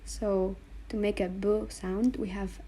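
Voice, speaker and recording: A woman's voice: mid-range voice, level tone, warm tone, a little hiss or hum. A woman teaching Greek letter combinations, speaking patiently and repeating each sound for the learner. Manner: slow, patient, spells out sounds and repeats them. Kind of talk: explaining letters on a board.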